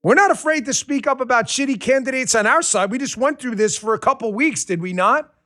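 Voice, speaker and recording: A man delivers heated political commentary. His voice sits high for a man and he yells often, swearing and mocking with open sarcasm. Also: fairly quick. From Queens, New York. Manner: loud, passionate, profane, sarcastic. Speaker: political talk show host.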